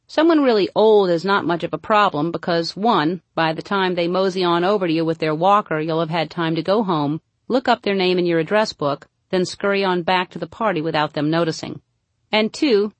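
A woman reading a humorous book aloud, mostly deadpan with sudden playful jumps into high emphasis. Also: dry recording. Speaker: narrator. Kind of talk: comic audiobook narration.

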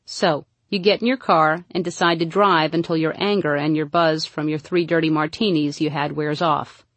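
A woman's voice: low-pitched, steady tone, normal speed, dry recording. A woman narrating her own comedic audiobook with a dry, wry comic delivery, recorded close on a studio microphone.

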